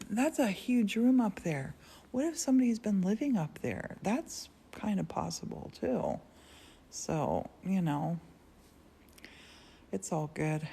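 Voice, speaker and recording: A woman hosting a casual live stream, telling rambling stories with frequent laughs from a quiet converted church studio. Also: fairly low pitch, creaky, breathy edge. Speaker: livestream host. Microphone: phone livestream.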